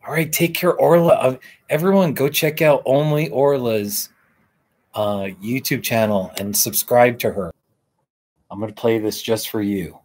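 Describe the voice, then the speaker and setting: Chatting on a live stream while lying in a hammock outdoors, this man has a medium-pitched voice. He rambles easily, his relaxed manner drawing each thought out.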